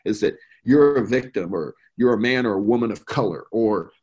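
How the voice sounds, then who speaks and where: Here the same kind of speaker, a middle-aged U.S. veteran who served overseas, guests on a podcast with a fairly low, darkish, breathy voice. His delivery is expressive and at normal speed, earnest yet casual, with emphatic, rambling talk full of restarts.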